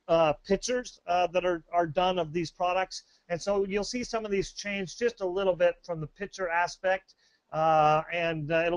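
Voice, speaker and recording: A man's voice: fairly high pitch, no room sound. A man presenting a sales webinar, upbeat and rambling, with many fillers and restarts.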